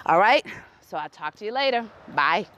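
A woman hosting her own podcast, telling a casual story in an animated way, laughing and reenacting dialogue with growing exasperation. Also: medium pitch, normal speed, noisy background. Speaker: podcast host.

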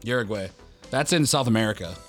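A man's voice: on the low side, lively intonation, fast talker, fairly bright tone, soft background music. A man co-hosting a podcast in casual banter. He reads out search results and laughs often. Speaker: podcast co-host.

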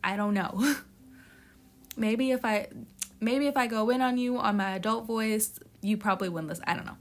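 A woman with a fairly high, youthful-sounding voice reads tarot cards in a loose, casual spoken style. She talks bluntly and swears freely as she hands out tough-love advice. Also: normal speed. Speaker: tarot reader.

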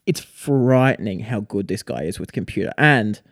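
A young man co-hosting a podcast, telling a story in a lively casual chat, heavy on "like". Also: lowish voice, moderate pace, dry recording, studio quality. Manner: animated storytelling with frequent "like" fillers. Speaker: podcast co-host.

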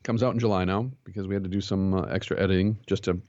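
Fast-talking low-voiced man, earnest pastor. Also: no room sound, highs cut off. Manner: earnest, animated storytelling with quoted dialogue. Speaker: pastor and jiu-jitsu instructor, podcast guest. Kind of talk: conversational interview.

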